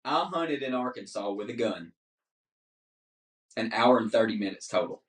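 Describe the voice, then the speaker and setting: A man, telling stories as a guest in casual podcast chat, animated and laughing often. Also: fairly low pitch, moderate pace. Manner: animated, laughs often, says "dude" a lot. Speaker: guest hunter. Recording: roomy, distant mic.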